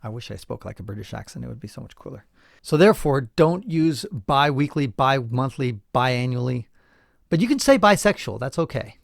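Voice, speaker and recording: A man's voice: medium pitch, very animated, moderate pace, vocal fry, dry recording, clean studio sound. A middle-aged man hosting a podcast, explaining points in a casual, emphatic way, asking listeners questions and chuckling now and then. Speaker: podcast host.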